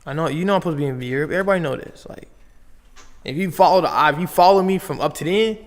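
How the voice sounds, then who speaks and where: A man's voice: a little high, very fast. A young man from Las Vegas, a podcast guest retelling his story in a casual, slangy way, full of "like" and "bro". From Las Vegas, United States. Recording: long reverb on the voice.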